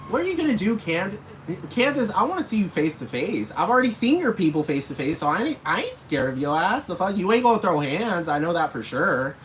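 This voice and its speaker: A man's voice: high voice, very animated, brisk, a bit bright. A man ranting casually and at length, rambling and swearing, talking straight at the people he's calling out. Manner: rambling, profane, talks straight at his targets. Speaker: vlogger. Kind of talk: casual rant to camera. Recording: noisy background hiss.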